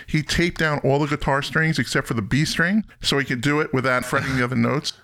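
A man's voice: medium pitch, a little fast, a bit bright. A middle-aged man hosting a podcast, chatting casually and enthusiastically about music and laughing often. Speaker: podcast host.

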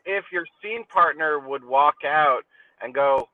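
A man's voice: on the high side, slow pace, background noise. Man on a tinny, distant phone line. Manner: animated, riffing with crude jokes. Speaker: comedian. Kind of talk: casual podcast chat.

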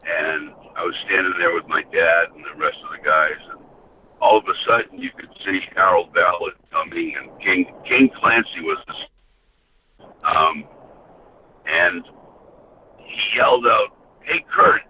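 Over a tinny phone line with faint hiss, an older American ex-hockey enforcer guests on a podcast, telling rambling stories peppered with "you know." His voice is low, his pace measured, and he pauses often.

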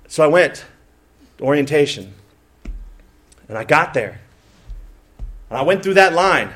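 A man with a fairly high voice preaches a sermon in a candid, storytelling way. He pokes fun at himself, acts out his own grumbling, and breaks off to speak directly to the people in front of him. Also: very animated, a little slow, a bit bright, faint music behind. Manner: candid, self-mocking storytelling with acted-out quotes; talks directly to the congregation with asides. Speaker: pastor.

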